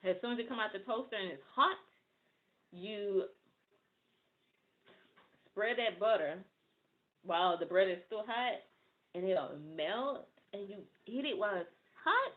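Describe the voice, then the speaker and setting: A woman chatting casually with her livestream viewers, excitable and thinking out loud. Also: mid-range voice, a little slow, long pauses. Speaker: livestream host. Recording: tinny phone-like audio.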